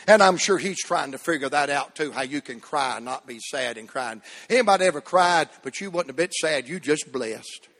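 A man preaching a sermon, rising to shouts and dropping to near whispers. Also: on the high side, animated, moderate pace, few pauses. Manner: Southern preaching cadence, swinging from shouts to hushed tones. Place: church sanctuary. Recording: long hall reverb.

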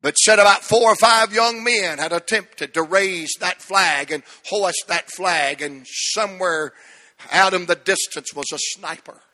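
A middle-aged man preaching a fervent sermon, swinging between shouted lines and hushed ones. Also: high voice, unhurried. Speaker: pastor.

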